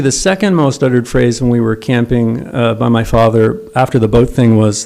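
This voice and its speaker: A man's voice: medium pitch, moderate pace, vocal fry, darkish tone. A middle-aged man giving a eulogy for his father, telling wry, self-deprecating stories at a memorial service. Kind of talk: memorial eulogy with humorous anecdotes.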